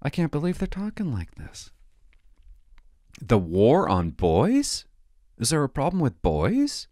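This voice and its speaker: A middle-aged man doing stand-up comedy, sarcastic and mock-outraged, swinging between loud outbursts and muttered asides. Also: mid-range voice, wildly swooping pitch, takes it slowly, long pauses, dry recording, clean studio sound. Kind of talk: stand-up comedy with ironic reading.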